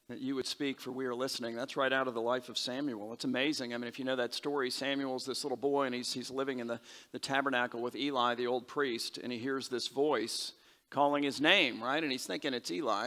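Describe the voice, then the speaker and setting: A man delivers a sermon as pastor, talking in a bright, forceful, slightly high voice. He is conversational and animated, jumping into quoted voices as he tells his stories. A long reverb from the church sanctuary trails behind each phrase. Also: fairly quick.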